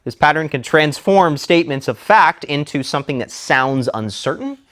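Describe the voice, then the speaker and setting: A man teaching public speaking in a scripted lecture, with measured, deliberate delivery. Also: on the high side, lively intonation, fairly bright tone. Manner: measured, deliberate delivery with slow emphatic phrases.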